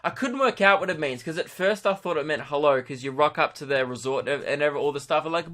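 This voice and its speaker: A man's voice: on the high side, fast, few pauses, fairly bright tone. Sarcastic Australian man ranting. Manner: sarcastic, ranting, frequent swearing. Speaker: podcast host and comedian. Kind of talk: comic storytelling monologue.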